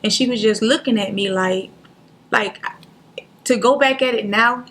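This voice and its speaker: A woman, a guest on a talk show, telling a painful personal story in an earnest, halting way, near tears, acting out what others said. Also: fairly high pitch, a bit bright. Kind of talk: emotional personal story in interview.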